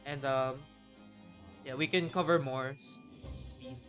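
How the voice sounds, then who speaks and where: A woman streaming live, chatting casually and bubbly, greeting her chat with excitement. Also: rumbling low, slow pace, faint music behind.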